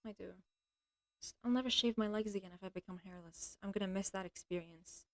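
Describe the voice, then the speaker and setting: A woman with a slightly mixed American accent chatting casually on a livestream, rambling and playful, often trailing off into quiet mutters. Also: mid-range voice, fairly quick. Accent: American mixed with another accent. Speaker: live streamer.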